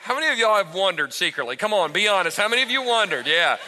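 A man in his thirties preaching a sermon to his congregation on a church stage, animated and talking straight to the crowd. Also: sits high, fast, slight background noise. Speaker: pastor. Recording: echoey hall with long reverb.

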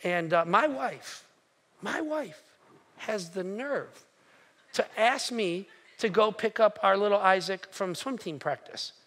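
A man preaching a sermon, telling stories with animated energy and rising to near shouting. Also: sits high, takes it slowly. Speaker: pastor.

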